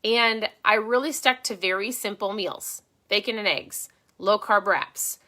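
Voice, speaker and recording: Middle-aged woman host, bright and forceful tone, chatty encouraging live-stream delivery from home. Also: medium pitch, measured pace. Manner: chatty, encouraging, restarts her sentences. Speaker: host of a keto diet channel. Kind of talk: casual live-stream tips. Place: her home.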